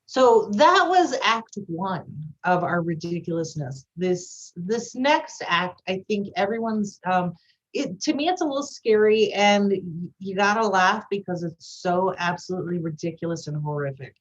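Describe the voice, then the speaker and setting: A woman co-hosting a casual political talk podcast, animated and sarcastic, reading listener comments aloud. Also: on the low side, moderate pace, highs cut off. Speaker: podcast co-host.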